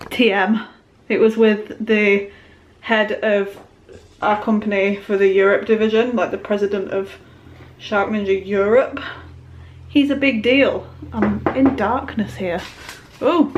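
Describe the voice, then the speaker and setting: A young English woman filming a casual home vlog, chatting to the camera about her week with a self-mocking, giggly manner. Her voice sits at an ordinary pitch, and a faint hiss of noise runs under the recording. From England. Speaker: vlogger.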